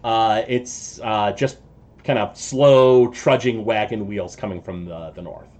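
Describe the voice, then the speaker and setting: A man narrating as game master of a tabletop game, halting and full of filler sounds. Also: on the low side, a little mellow.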